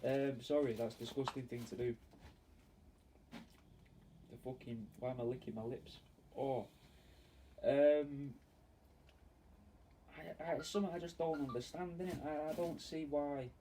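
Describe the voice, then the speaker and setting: A man rambles casually and swears freely as he works on a taxidermy piece for fans. His mid-range voice is mellow and steady, unhurried, with frequent pauses. The mic is distant, picking up faint ambient noise.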